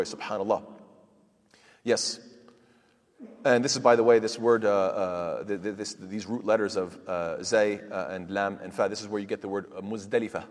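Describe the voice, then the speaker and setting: A man teaching a commentary class on the Quran. He quotes Arabic verses in quick recitation and keeps asking rhetorical questions, then answers them himself. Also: on the low side. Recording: long reverb, echoey room.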